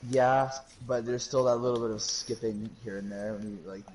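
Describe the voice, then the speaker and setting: A man's voice: medium pitch, steady tone, moderate pace, a little mellow. Young man, mid-range voice, goofy rambling banter, noisy voice-chat recording. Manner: joking, stumbling, trails off mid-sentence. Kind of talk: casual gaming voice chat.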